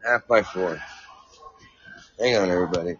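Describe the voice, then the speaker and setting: A man's voice: low-pitched, moderate pace, fairly bright tone, slight background noise. A man hosting a rambling solo podcast, reading and ranting with profane, sarcastic, self-mocking asides, recorded at his workplace. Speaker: podcast host. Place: at work, fielding coworkers. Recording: dull lo-fi recording with faint music.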